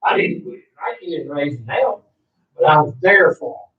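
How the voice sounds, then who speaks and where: A man's voice: on the high side, big pitch swings, normal speed. An older man, telling a heartfelt personal story in a rambling way, repeating himself. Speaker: interviewee. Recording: roomy, distant, dull recording.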